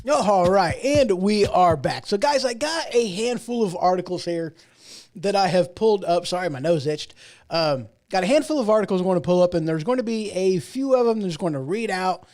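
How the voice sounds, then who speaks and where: A man's voice: sits high, lively intonation, normal speed, darkish tone, faint music behind. A man hosting his own show, giving casual political commentary in a rambling, emphatic way with sarcastic asides. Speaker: host.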